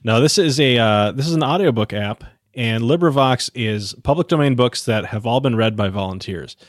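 A man's voice: mid-range voice, normal speed, no room sound. Joking man on a chatty podcast. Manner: joking, dry asides. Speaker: podcast co-host. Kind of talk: casual chat.

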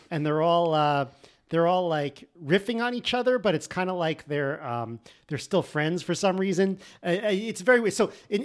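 A man in casual conversation as a podcast co-host, often restarting and searching for words. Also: a little high.

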